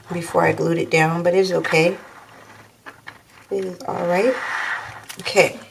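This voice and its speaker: A woman's voice: lowish voice, creaky, noisy background. A woman hosting a craft tutorial, chatting casually and thinking aloud as she works, calling her viewers y'all. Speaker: crafting channel host.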